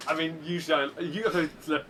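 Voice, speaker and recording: A man talking casually after a match, quick and restarting often, with frequent laughter. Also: a little high, sharp tone. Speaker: bingo league player. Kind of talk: casual post-match chat. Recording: distant mic with faint hiss.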